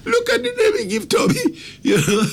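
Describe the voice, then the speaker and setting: A man's voice: extremely high pitch, creaky, fairly bright tone, a little hiss or hum. A man co-hosting a radio show, laughing often as he chats. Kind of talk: casual radio chat.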